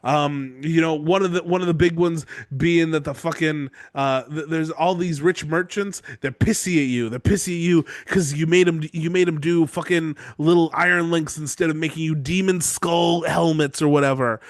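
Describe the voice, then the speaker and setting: A man's voice: fairly high pitch, fairly even intonation, normal speed, few pauses, no echo. A young man hosting a podcast, recapping a book chapter in a profane, rambling, playful way. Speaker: podcast host.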